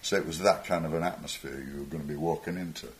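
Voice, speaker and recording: A man's voice: rumbling low, steady tone, quick pace, slight background noise. An older man, a musician guest on stage, telling rambling anecdotes with chuckles and acted-out voices. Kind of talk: anecdotal storytelling.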